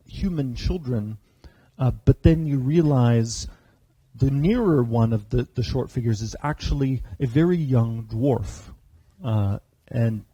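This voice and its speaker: A man's voice: medium pitch, warm tone, breathy edge, dry recording, dull audio. A man narrating a tabletop game as game master, hesitant, with many filler sounds, on a convention stage.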